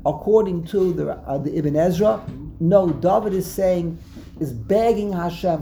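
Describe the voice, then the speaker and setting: Gravelly low-voiced woman teaching Torah. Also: measured pace, warm tone, a little hiss or hum. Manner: explanatory, repeats words, quotes verses with emphasis. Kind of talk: text study class.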